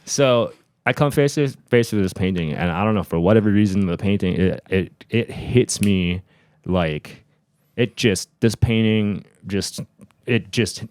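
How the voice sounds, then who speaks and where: A man's voice: lowish voice, measured pace, darkish tone, dry recording. A young man on a podcast telling a long story in casual chat, rambling with many restarts and fillers and laughing at himself. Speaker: podcast host.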